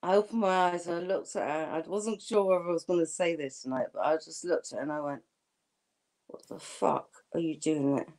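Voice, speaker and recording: A woman's voice: on the low side, fast, hardly any pauses, mellow. Candid woman telling a story. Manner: candid storytelling with frequent laughs. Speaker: guest. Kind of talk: casual chat.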